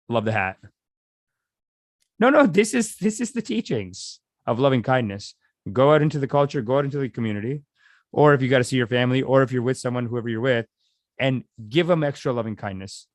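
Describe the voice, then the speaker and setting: A man's voice: medium pitch, expressive, fast, no echo, studio quality. Rambling, chatty male meditation teacher. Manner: rambling, chatty, reads out viewer comments. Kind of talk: casual livestream meditation talk.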